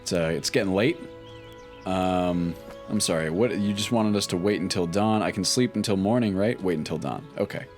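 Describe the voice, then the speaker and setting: A man with a very low voice giving easygoing let's play commentary, musing aloud and pausing with ums as he plays. Faint game music runs under his talk. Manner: relaxed, thinking aloud with frequent ums. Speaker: gaming YouTuber.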